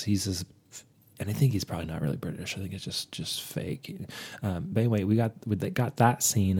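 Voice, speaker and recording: A man reviewing a movie in a comic, rambling monologue, holding a low, put-on sultry persona voice with many fillers. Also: darkish tone, husky. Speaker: podcast film reviewer.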